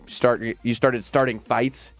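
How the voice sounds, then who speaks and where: A man's voice: medium pitch, flat delivery, slow, faint music behind. A man hosting in casual chat, teasing his co-host and asking questions.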